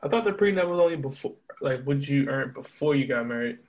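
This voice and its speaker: A man co-hosting a podcast, throwing in quick jokes during casual chat. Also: medium pitch, expressive. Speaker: podcast co-host.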